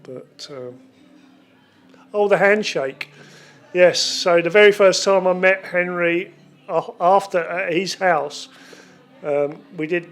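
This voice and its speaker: Chatty man in his sixties. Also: a little high. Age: 60s. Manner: chatty, rambling, jokey. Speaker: family friend sharing a memory. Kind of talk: casual spoken tribute.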